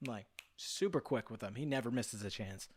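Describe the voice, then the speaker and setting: A man's voice: mid-range voice, moderate pace. A man, a guest on a podcast, talking casually and at length, with plenty of fillers and the odd swear. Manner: rambling, many fillers, swears. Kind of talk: casual chat.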